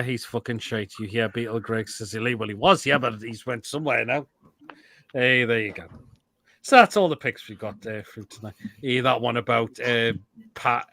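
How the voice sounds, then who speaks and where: A man's voice: mid-range voice, bright, forceful tone. A man hosting a live football chat show, bantering casually with guests over a video call and swearing freely.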